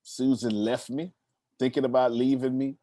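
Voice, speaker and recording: Man voicing a whiny complainer, mid-pitched, mopey and trailing, dry close sound. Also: flat delivery, normal speed, warm tone, dry recording, natural voice. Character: whiny self-pitying man listing his woes.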